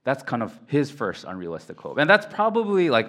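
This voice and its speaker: A man in his thirties, a pastor, preaching a sermon in a casual storytelling way with lively quoted voices and frequent restarts. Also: medium pitch, a little fast, few pauses. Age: 30s.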